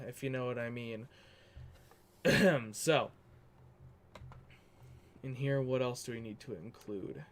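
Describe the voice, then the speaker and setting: A man's voice: mid-range voice, fairly even intonation, slow pace, pauses often, slight background noise. A man hosting a livestream, chatting casually in a rambling, self-correcting way while he works on a document. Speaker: livestream host.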